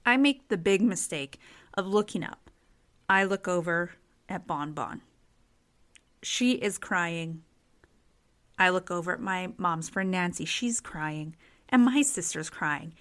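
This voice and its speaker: A woman hosting a true crime podcast, telling stories in a chatty, expressive way and leaning on casual fillers. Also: on the low side, unhurried, long pauses. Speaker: podcast host.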